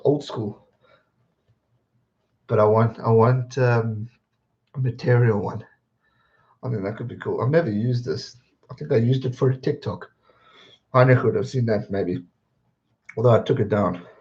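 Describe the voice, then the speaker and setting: A man's voice: mid-range voice, measured pace, pauses often, a little mellow, dull audio. A man hosting a live stream, chatting casually and greeting viewers by name as he reads their comments.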